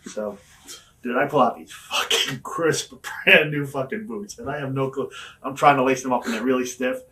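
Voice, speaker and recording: A man's voice: medium pitch, moderate pace, pushed and bright, recorded from a distance. A man telling wrestling stories in an interview, swearing often and laughing through his anecdotes. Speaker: wrestler guest. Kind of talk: storytelling shoot interview.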